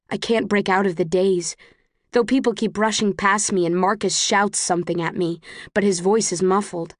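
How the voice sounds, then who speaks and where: A woman narrating a first-person audiobook in a measured, tense storytelling manner. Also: medium pitch, dry recording, clean studio sound.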